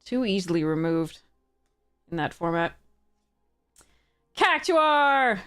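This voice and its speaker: A young woman commentating her own card game matches, swearing and laughing in frustration, swinging from exasperated outbursts to flat mutters. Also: mid-range voice, takes it slowly, smooth. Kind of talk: casual gameplay commentary.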